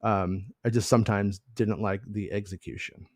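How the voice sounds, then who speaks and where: A man's voice: moderate pace, no room sound, clean studio sound. A man co-hosting a casual fan podcast, rambling and blunt, with mocking asides and swearing. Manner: rambling, animated, mocking asides in high put-on voices; profane, blunt rants. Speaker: podcast co-host.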